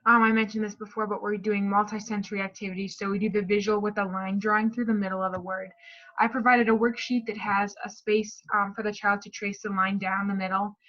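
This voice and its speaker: A woman's voice: mid-range voice, little pitch movement, fairly quick, fairly bright tone, muffled recording. A woman explaining a speech therapy lesson plan, reading from a script with small slips and fillers. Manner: reads a prepared script with restarts and fillers.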